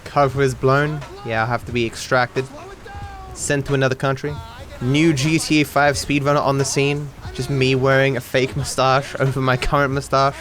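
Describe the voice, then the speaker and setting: A young Australian man giving casual commentary over a speedrun, sarcastic and self-deprecating, with sudden excited outbursts. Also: medium pitch, moderate pace, soft background music. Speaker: speedrunning streamer.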